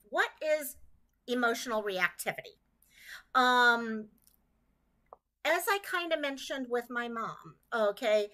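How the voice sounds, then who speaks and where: Bright-voiced woman hosting a livestream. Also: a little high. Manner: chatty, breaks off to greet viewers by name. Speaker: livestream host. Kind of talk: casual livestream talk to a support community.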